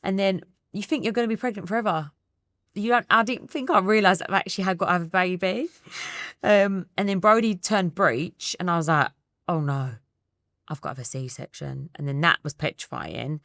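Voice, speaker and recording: A woman's voice: medium pitch, fairly quick, no room sound, studio quality. A woman in her thirties with an Essex accent, speaking candidly and reflectively as an interview guest. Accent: Essex English. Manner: candid, quietly reflective, quotes her own thoughts.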